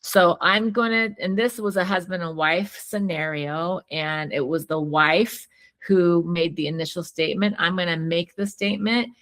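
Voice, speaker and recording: A woman's voice: lowish voice, steady tone, normal speed, a bit bright. A woman therapist and co-host in casual teaching chat, chatty, often restarting sentences and laughing while she tells stories.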